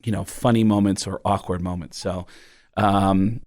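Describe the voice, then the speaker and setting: A man's voice: deep voice, moderate pace. A man, a stand-up comedian from the Bronx without a Bronx accent, telling stories in a casual interview. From the Bronx, New York. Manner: animated storyteller, slips into impressions.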